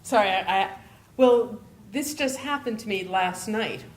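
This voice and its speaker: A woman author telling an animated, laughing anecdote at a live evening event. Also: medium pitch, a little slow, a little hiss or hum. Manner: animated, laughing, acts out her own gushing fan voice. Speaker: author panelist. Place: event room.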